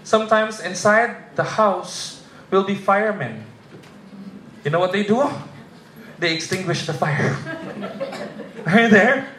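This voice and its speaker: A Filipino man preaching a lively sermon as a pastor, often asking the congregation if they are with him. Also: sits high, a little slow, pauses often, slight background noise. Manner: animated, audience-prompting, humorous. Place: church. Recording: echoey church hall with congregation.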